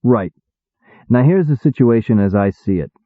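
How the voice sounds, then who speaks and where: A man's voice: medium pitch, animated, moderate pace, no room sound, lightly acted. A man voicing a blunt, slangy demon mentor. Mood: impatient. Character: impatient wisecracking male demon mentor. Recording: tinny phone-like dry sound.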